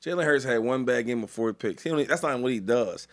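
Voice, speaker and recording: A man co-hosting a casual sports chat, joking around in an animated, slangy way. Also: medium pitch, quick pace.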